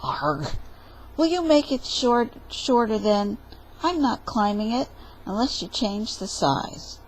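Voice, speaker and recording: A woman's voice: fairly high pitch, very animated, takes it slowly, slight background noise, rough recording. A woman doing a whiny cheeky young man. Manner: whiny, sassy, talks back.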